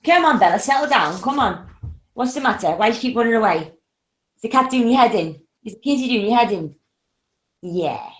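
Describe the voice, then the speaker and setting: A chatty woman with an English accent and a high, light voice. She talks in a loose, casual way and coos gently now and then. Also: animated, fast. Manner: chatty, coos softly to her pet. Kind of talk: casual chat.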